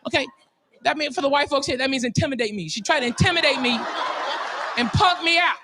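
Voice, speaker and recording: A male stand-up comedian telling a story, excitable and profane, often laughing at his own jokes. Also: very high voice, fast, background noise.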